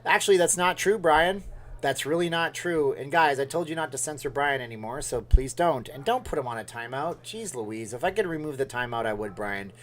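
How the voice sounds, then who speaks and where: A man's voice: mid-range voice, expressive, brisk, fairly bright tone. A man hosting a casual livestream, rambling and joking as he reads out viewer comments. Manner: rambling, jokey, responds to chat. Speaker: livestream host. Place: Las Vegas.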